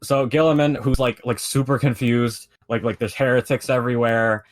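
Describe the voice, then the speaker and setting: A podcast co-host explaining lore retells a story in casual chat, rambling with plenty of fillers and swearing. His mid-range voice keeps fairly even intonation at a moderate pace.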